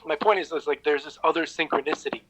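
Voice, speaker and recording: A man's voice: a little high, fast, fairly bright tone, low-quality recording. A man co-hosting a casual podcast over an online call, rambling and joking with stammered restarts. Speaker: podcast co-host. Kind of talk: casual chat. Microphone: online call with cheap mic.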